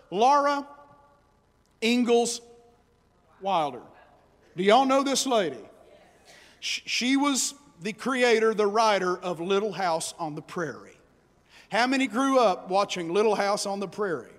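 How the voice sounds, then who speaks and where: Man preacher, very high voice, fervent, swings from asides to shouts, long hall reverb. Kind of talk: sermon.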